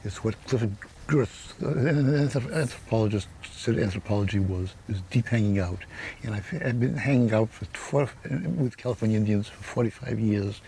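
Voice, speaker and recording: Older man, weak and halting low voice. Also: dark tone, a little hiss or hum. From United States. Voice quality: weak, unsteady voice with frequent stutters and repeated words. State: speech affected by Parkinson's. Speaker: author and publisher. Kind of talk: personal storytelling to camera.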